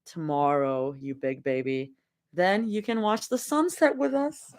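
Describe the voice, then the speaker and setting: A calm, protective young partner, voiced by a woman reading a fanfic aloud. The voice drops lower and softer than her usual, gently reassuring at a slow, unhurried pace. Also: natural voice. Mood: gentle. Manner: low, gentle, soothing.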